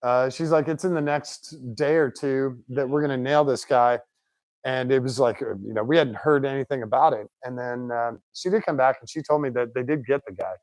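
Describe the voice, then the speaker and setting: Chatty man, garage shop talk, mid pitch, dry close mic. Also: a little fast, no room sound. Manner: chatty, animated anecdotes with put-on quotes. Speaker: shop owner, car builder. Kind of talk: casual storytelling.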